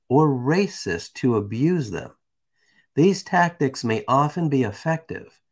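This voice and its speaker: A man hosting a live stream, reading a text aloud and chatting casually with viewers. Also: mid-range voice. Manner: casual, chatty, asides to the chat.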